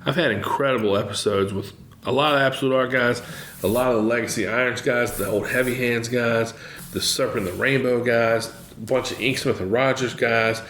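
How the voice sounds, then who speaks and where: A man's voice: medium pitch, fairly quick, fairly bright tone, a little hiss or hum. A man hosting a podcast, talking in an enthusiastic, rambling, profane way. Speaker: podcast host. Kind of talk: casual monologue. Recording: echoey room.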